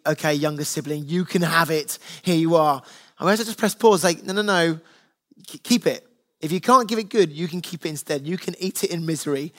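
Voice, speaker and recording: This male pastor has a fairly high, fairly bright voice and preaches in an earnest, conversational style. He addresses his congregation as if chatting across a kitchen table, drawing his stories from home life with his kids.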